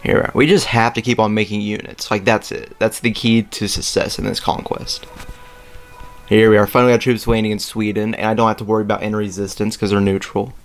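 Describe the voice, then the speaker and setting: A young man hosting a let's play, rambling casually with lots of fillers and throat clearing as he plays a strategy game. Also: lowish voice, flat delivery, fairly quick. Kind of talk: casual gameplay commentary. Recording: faint game music behind.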